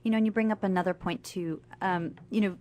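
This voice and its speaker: A woman, a family doctor, guest on a radio interview, explaining health facts clearly and with enthusiasm. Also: medium pitch, fairly even intonation, quick pace, a little mellow. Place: radio studio.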